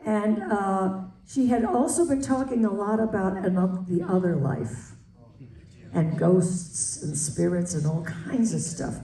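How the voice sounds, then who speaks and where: An older woman telling an anecdote on stage, laughing as an animated storyteller. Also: mid-range voice, slow pace. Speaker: guest. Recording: roomy hall, distant mic.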